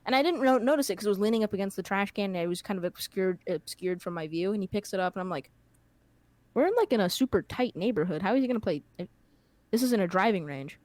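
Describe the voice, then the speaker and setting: A woman's voice: mid-range voice, expressive, fast talker, a little mellow, no echo. A young woman hosting a podcast, telling a long anecdote in a casual, rambling way with plenty of fillers. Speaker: podcast host. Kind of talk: casual storytelling chat.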